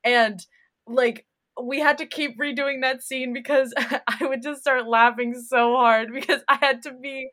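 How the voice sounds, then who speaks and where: Young female guest, excitable and animated, slightly high pitch. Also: measured pace. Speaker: stage actress, guest. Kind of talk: casual chat.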